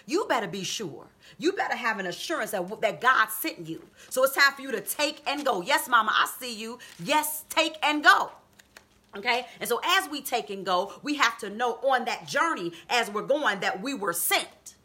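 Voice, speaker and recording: Fiery, bright-voiced woman preacher. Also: expressive, normal speed. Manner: exhorting, rises to high emphatic calls; reads scripture and explains it conversationally. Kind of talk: sermon on a live video stream.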